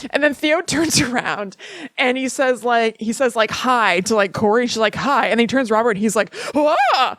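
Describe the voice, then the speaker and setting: A woman co-hosting a podcast, her voice sitting a touch high, chatting casually in a close, dry sound. She rambles, laughs often and slips into little acted quotes as she tells the story. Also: a little fast, dry recording. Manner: giggly, rambling, acts out quotes. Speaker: podcast co-host. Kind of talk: casual chat.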